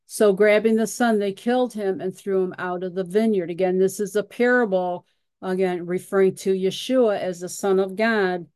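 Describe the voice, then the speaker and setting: A woman's voice: medium pitch, steady tone, moderate pace, a little mellow, smooth, no room sound. A woman leading a Bible study who reads scripture passages aloud and explains them with frequent fillers and repeated words.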